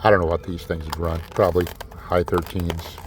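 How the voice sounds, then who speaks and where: A man's voice: sits low, flat delivery, fairly quick, background noise. A man hosting a diecast car vlog in a casual, exasperated ranting way, swearing often and sarcastically calling his viewers kids. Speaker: diecast collector host.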